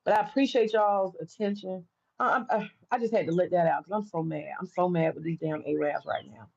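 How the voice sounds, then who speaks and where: Heated gravelly American woman ranting. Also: lowish voice, fairly even intonation, a little fast, darkish tone, muffled recording. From United States. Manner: heated, profane, repetitive ranting. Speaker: livestreamer talking to viewers. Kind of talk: casual livestream rant.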